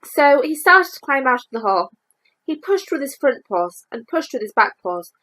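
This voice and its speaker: A woman reading a children's storybook aloud, lively and expressive. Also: high voice, normal speed, rough recording.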